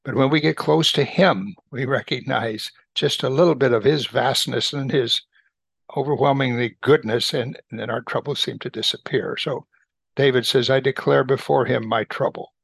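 Here a man works slowly through Bible verses, explaining as he goes and repeating phrases to drive points home like a careful teacher. The medium-pitched voice is gravelly and husky yet fairly bright, with no room sound.

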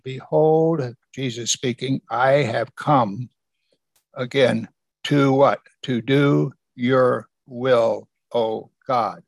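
A man's voice: mid-range voice, vocal fry, dry recording. A man preaching a sermon as pastor, emphatic and asking the congregation rhetorical questions.

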